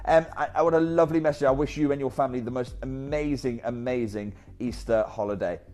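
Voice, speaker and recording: A man presenting a live shopping channel, chatty and energetic with off-script asides. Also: mid-range voice, quick pace, faint music behind.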